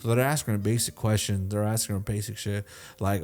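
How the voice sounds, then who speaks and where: A young man hosting a podcast, telling a crime story in a loose, animated way, swearing a lot and checking in with "right?". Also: fairly low pitch, fairly quick. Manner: swears constantly, animated retelling, keeps asking "right?". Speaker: podcast host. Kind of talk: casual storytelling.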